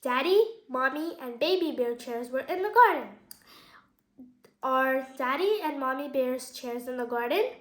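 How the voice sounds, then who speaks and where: A woman with a high voice reads a picture book aloud for children, pausing to chat about the pictures and quiz her listeners. Her voice rings in an echoey room. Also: animated. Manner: casual, explains the pictures and asks questions. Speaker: children's story reader.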